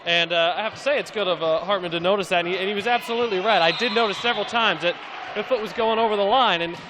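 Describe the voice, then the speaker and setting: A man's voice: sits high, racing, background noise. An American man giving live volleyball co-commentary, chatty and hesitant with many restarts.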